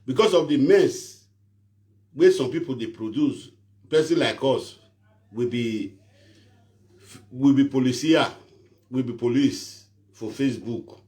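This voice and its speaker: A man's voice: mid-range voice, takes it slowly, pauses often, darkish tone. A man from Edo State, Nigeria, speaking Nigerian Pidgin English, hosting his own show as a self-styled prophet in a pleading, preachy, rambling monologue to his viewers.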